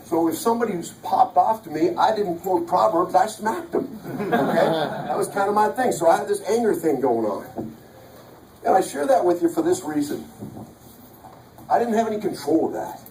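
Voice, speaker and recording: A motivational speaker with a high, slightly mellow voice addresses a large event hall, emphatically sharing his life story and repeating important lines. A mic placed at a distance captures the hall's echo along with some faint hiss or hum.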